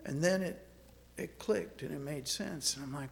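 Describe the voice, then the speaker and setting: A man preaching a sermon, moving from scripture into a personal story, earnest and halting, often repeating words as he restarts. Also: a little high, creaky, long reverb tail, slight background noise.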